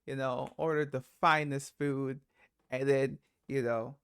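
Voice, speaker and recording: A man's voice: medium pitch, little pitch movement, a little slow, gravelly, a bit bright, smooth, no echo, clean studio sound. A man hosting a reaction video, talking in a laid-back, slangy way and exclaiming at the clips. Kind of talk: casual reaction commentary.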